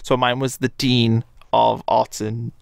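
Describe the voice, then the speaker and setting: A young man from Northumberland with a Northumbrian accent, telling an animated story on a podcast, swearing and laughing along the way. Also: medium pitch, slow pace, gravelly, no echo, studio quality. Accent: Northumbrian English. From Northumberland, England. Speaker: podcast co-host. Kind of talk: casual storytelling.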